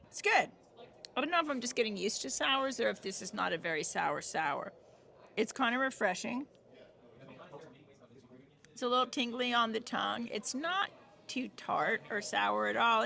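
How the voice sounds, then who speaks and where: A woman's voice: mid-range voice, gravelly, bright, forceful tone. A woman in her fifties co-hosting a casual beer-tasting vlog, chatting and describing flavors as she tastes. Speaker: vlog co-host.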